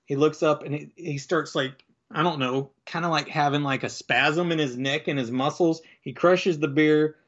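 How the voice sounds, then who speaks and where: Rambling man with a slightly high voice. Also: steady tone, moderate pace, few pauses, a bit bright, muffled recording. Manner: rambling, filler-heavy, acts out quoted lines in different voices. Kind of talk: casual chat recapping a comic book.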